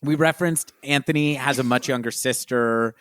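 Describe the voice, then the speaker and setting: A man's voice: medium pitch, moderate pace, a bit bright, clean tone. A man co-hosting a podcast, talking casually and animatedly about a film and laughing as he retells scenes. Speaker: podcast co-host.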